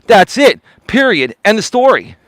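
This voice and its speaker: A man with a high voice lectures his live stream audience while walking outdoors. He sounds indignant and repeats his points. The sound is dry and close, with little room around it. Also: big pitch swings, moderate pace, a bit bright, dry recording. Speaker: life coach streamer.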